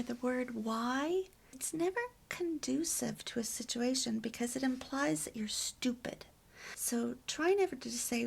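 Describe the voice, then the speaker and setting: A middle-aged woman hosting a homemaking video, telling personal stories in a soft, often near-whispered way. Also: sits high, unhurried, creaky, breathy edge. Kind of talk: personal storytelling talk.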